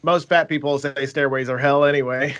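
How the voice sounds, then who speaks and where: A man's voice: medium pitch, fairly even intonation, brisk, a bit bright. A man co-hosting a casual podcast chat, playful, cracking jokes and asking questions. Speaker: podcast co-host.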